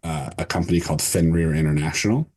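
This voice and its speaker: A man with a very low, husky voice narrates a tabletop game as game master. He describes scenes loosely, with many fillers and restarts. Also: quick pace, a little mellow.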